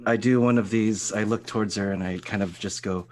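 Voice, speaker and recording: A man's voice: fairly low pitch, steady tone, fairly quick, darkish tone. A man playing a tabletop game, speaking both in character and about his character's actions. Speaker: player.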